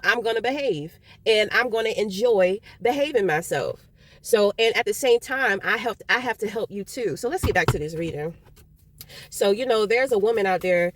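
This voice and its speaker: A woman giving a casual tarot reading, talking bluntly and with plenty of swearing as she tells stories with animated energy. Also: mid-range voice. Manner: blunt and profane, animated storytelling. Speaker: tarot reader.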